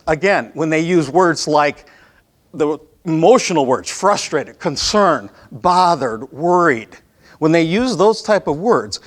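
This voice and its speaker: A man with a Midwest American accent running a live sales training session, talking conversationally and often checking in with the room. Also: medium pitch.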